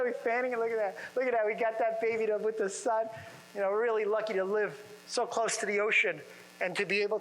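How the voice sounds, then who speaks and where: Man, high-pitched voice, motivational seminar speaker, rhetorical questions, conference room audience. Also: a bit bright, in a large hall, slight background noise, low-quality recording.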